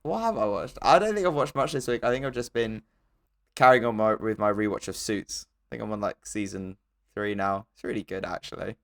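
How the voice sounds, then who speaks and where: A man co-hosting a comedy podcast, rambling and hedging as his voice trails off quieter. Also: lowish voice, fairly quick. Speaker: podcast co-host. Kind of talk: casual comedic chat.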